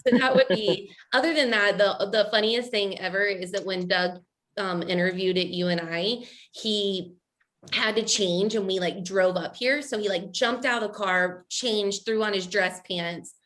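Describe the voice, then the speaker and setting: Woman, coach's wife, casual rambling storyteller, mid pitch. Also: fairly even intonation, measured pace, fairly bright tone. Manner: rambling, many fillers and "you know".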